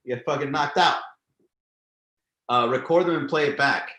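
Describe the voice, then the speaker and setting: A man's voice: fairly high pitch, moderate pace, bright, forceful tone, roomy sound. A man hosting a live comedy stream, chatting loosely and profanely as he reads and riffs on viewer comments. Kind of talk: casual live-stream chat reading comments.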